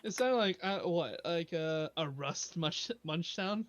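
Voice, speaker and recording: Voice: medium pitch, a little slow, dull audio. A player at a tabletop game chatting and offering suggestions about how to run the fights. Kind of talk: casual tabletop play.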